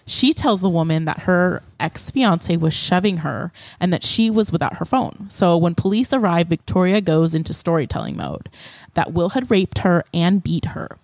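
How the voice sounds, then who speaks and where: A woman co-hosting a podcast, retelling a true-crime case in a casual, animated way with lots of fillers. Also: fairly low pitch, moderate pace, no echo. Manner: animated storyteller with many fillers. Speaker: podcast co-host.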